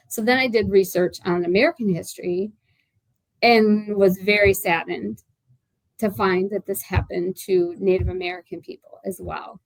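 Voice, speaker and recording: A woman's voice: mid-range voice, steady tone, unhurried, no echo, poor audio. A woman in her sixties, an author being interviewed, talking in a chatty, rambling way with lots of fillers and restarts. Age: 60s. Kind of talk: casual interview chat.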